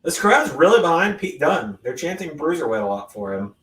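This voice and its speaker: A man hosting a live watch-along of a wrestling event, reacting with sudden loud exclamations between casual remarks. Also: fairly high pitch, fairly quick, distant mic. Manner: excitable, bursts into loud exclamations. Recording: roomy echo, voice off-mic.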